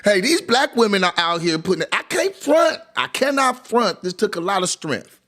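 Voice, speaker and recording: A man reacting to press conference footage in animated commentary, exclaiming and laughing as he talks. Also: high-pitched, moderate pace, over a noisy crowd, very noisy. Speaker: commentary video host.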